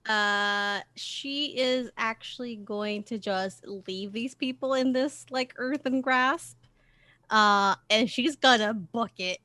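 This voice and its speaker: This is a woman describing her hero's moves in a tabletop game. Her voice is bright, fairly high and sharp, and the sound is dry and close to the mic. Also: slow, dry recording. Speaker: player.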